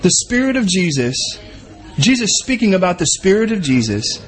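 A man preaching a sermon with a high voice that swings widely up and down. He talks to the congregation conversationally and keeps asking rhetorical questions. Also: sing-song, moderate pace. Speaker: pastor.

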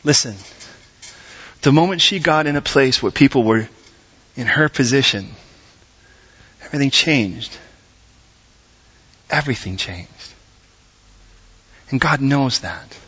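A man preaching a sermon in a church, animated and asking the congregation direct questions. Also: mid-range voice, moderate pace, long pauses, breathy edge. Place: church service. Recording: dull lo-fi recording.

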